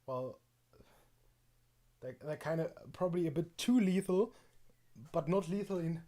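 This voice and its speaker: A man's voice: a little high, warm tone. A man streaming in a casual chat, rambling and hesitant with frequent restarts and fillers.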